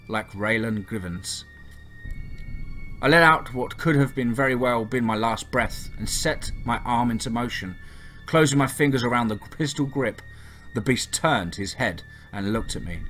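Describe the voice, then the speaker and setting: A man's voice: medium pitch, fairly bright tone. A man narrating a first-person horror story in a tense, dramatic reading.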